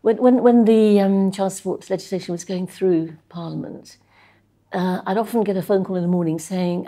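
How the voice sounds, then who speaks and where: An older woman in an interview, telling stories about her research career in a chatty, anecdotal way, with soft laughs and frequent pauses. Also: mid-range voice. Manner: anecdotal, chuckling, with frequent ums and restarts. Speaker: interviewee, social policy researcher. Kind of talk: reflective conversational interview.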